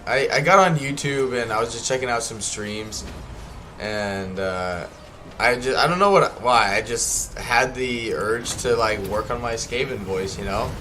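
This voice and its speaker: A young man chats his way through a game livestream, rambling and restarting his sentences as he goes. His voice sits in a middling pitch. A faint hiss of noise runs underneath. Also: slow, sharp tone. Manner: rambling, chatty, lots of fillers and self-corrections. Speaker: gaming streamer. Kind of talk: casual livestream commentary.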